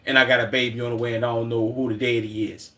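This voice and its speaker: A man's voice: medium pitch, flat delivery, fast, bright, forceful tone, natural voice. Man mimicking a brash pleading pregnant woman. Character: fed-up pregnant woman begging for help.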